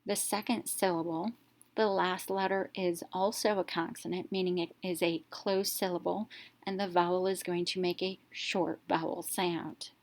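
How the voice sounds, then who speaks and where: Teaching phonics, a woman with a fairly low voice keeps her intonation fairly even. Step by step and deliberately, she sounds out each letter separately before merging them into a whole word.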